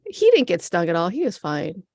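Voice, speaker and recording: A woman co-hosting a casual show recap, tossing in wry deadpan quips and laughing. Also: fairly low pitch, a little fast, dry recording, studio quality. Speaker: podcast co-host.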